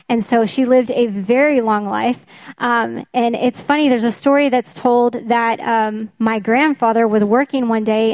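A woman's voice: on the high side, darkish tone, dry recording. A woman preaching a sermon, emphatic, often repeating her key phrases for weight.

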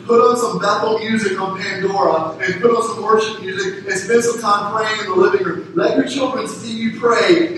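A man's voice: sits high, a bit bright. A man preaching a sermon as pastor, earnestly exhorting parents and families with repeated calls to action. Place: church sanctuary. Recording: echoey room, voice from a distance with faint noise.

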